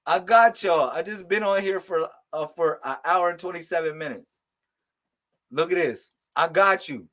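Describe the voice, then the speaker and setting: A man hosting a casual live stream of psychic readings, talking loud and slangy, laughing and calling out to viewers. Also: a little high, moderate pace. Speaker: livestream host giving psychic readings.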